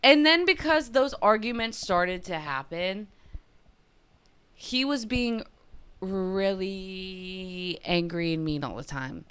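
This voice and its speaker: Young woman, podcast host, clear smooth voice, casual rambling storytelling. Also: medium pitch, animated, slow pace, a bit bright. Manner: casual confessional, lots of "like" fillers.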